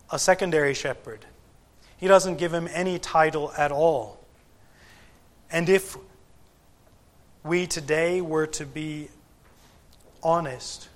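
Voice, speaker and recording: A male preacher delivers a sermon in an unhurried, measured cadence, leaving long pauses between phrases. His voice sits a little higher than most men's, and he leans on rhetorical questions to press his points home. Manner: deliberate, emphatic, with frequent pauses and rhetorical questions. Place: church gathering.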